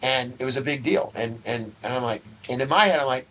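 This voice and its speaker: A middle-aged man spins a rambling anecdote in a relaxed interview. He slips into the voices of the people he quotes and swears casually along the way. A faint hiss of noise sits under the recording. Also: mid-range voice, fairly quick. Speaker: interview guest. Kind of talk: casual storytelling.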